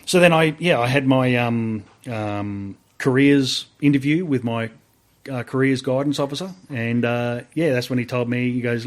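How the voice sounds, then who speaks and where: A man's voice: mid-range voice, moderate pace. An Australian army veteran in his forties chats as a guest in a casual interview. He swears freely and acts out the conversations he remembers. His voice sits in the middle of the male range.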